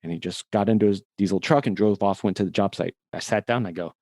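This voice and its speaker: Low, mellow-voiced man telling a story. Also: quick pace, no echo. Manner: animated, candid storyteller who laughs at himself. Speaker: podcast guest. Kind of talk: personal storytelling in a conversation.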